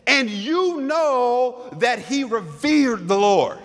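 A man voicing a grieving widow who pleads slowly and insistently with a prophet, in a long reverberant church. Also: on the high side, animated. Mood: pleading.

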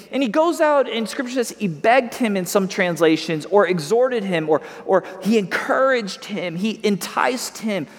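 A man pastor preaching a sermon to a gathered congregation. He talks conversationally, often repeating words. His voice sits high, and a long hall reverb trails behind each phrase.

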